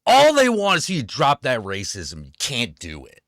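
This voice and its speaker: A man hosting his own stream rants about politics, sarcastic, profane and fired-up. His mid-range, slightly bright voice swoops wildly in pitch at normal speed, in studio-quality audio with no room sound.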